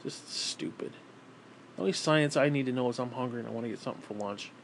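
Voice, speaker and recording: A man's voice: mid-range voice, racing, gravelly, slight background noise. A man rambling casually on camera, swearing often and switching into baby talk with his pet. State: broke and frustrated. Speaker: vlogger.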